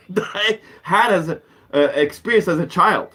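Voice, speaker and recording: A man's voice: high voice, slow, long pauses, breathy edge. A young adult man doing stand-up comedy, ranting with profanity and acting out quoted voices. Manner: animated, profane rants.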